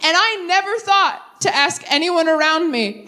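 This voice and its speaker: A young woman doing live stand-up and crowd work, brash and profane, with quick tangents. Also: extremely high pitch, animated, sharp tone, slight background noise. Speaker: stand-up comedian. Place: comedy stage before a live audience.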